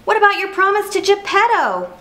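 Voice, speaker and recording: A tiny storybook cricket who acts as a fussy conscience, put on by a woman reading aloud. He calls out urgently in a very high, lively voice. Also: brisk, full character voice. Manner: urgent, calling out.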